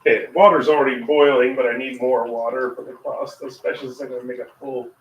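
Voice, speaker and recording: A man's voice: mid-range voice, steady tone, quick pace, far from the mic, lo-fi sound. An American man chatting casually while he cooks at home, rambling through asides and chuckling to himself. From United States. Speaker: cooking vlogger and English teacher. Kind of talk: casual cooking livestream chat. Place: home kitchen. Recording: echoey kitchen with faint ambient noise.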